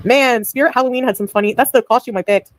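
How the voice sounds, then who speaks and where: A woman's voice: a little high, low-quality recording. A woman chatting on her livestream, giggling and answering viewers by name. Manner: giggly, rambling, answers chat names. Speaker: livestreamer reading chat. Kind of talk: casual livestream chat.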